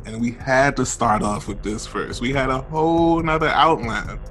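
A man with a deep voice co-hosting a sports podcast, chatting in an animated, emphatic way. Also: moderate pace, soft background music. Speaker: podcast co-host. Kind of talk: casual sports podcast chat.

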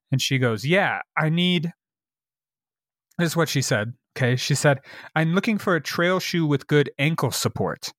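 Animated man telling a story, dry sound. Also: on the high side, brisk, no room sound. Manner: animated, swears, acts out quoted people. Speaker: podcast co-host. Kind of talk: casual storytelling chat.

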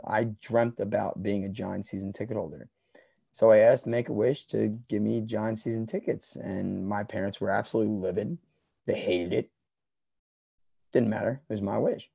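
A young man telling a story in a loose, profane way, mumbling at times and then breaking into shouts. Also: on the low side, creaky, breathy edge, no echo. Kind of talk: casual storytelling.

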